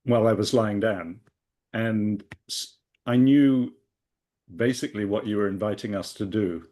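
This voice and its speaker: A man with a fairly low voice speaks through a computer mic on a group video call. He talks hesitantly, restarting and searching for the right words. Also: a little slow, dark tone. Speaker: call participant. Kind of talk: casual sharing on a group call.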